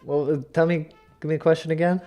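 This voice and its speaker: A man's voice: on the high side, little pitch movement, quick pace, dark tone, soft background music. A man co-hosting a podcast, guessing quiz answers casually and thinking aloud. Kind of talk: casual chat.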